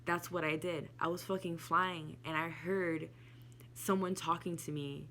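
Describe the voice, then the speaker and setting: A woman's voice: lowish voice, steady tone, slow pace, pauses often, fairly bright tone. A woman casually telling a personal spiritual story to camera, candid and emotional, swearing freely. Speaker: spiritual vlogger.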